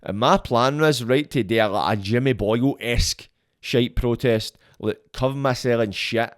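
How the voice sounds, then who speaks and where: A man's voice: medium pitch, normal speed, no echo, studio quality. Sweary Scottish man telling a story. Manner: sweary, blunt, animated storyteller. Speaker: podcast guest. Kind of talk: casual storytelling.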